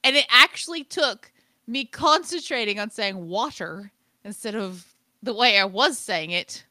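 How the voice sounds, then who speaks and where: Bright, animated woman telling stories. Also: fairly high pitch, a little slow, no echo. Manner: animated and playful storyteller. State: tired from lack of sleep. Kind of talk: casual chat.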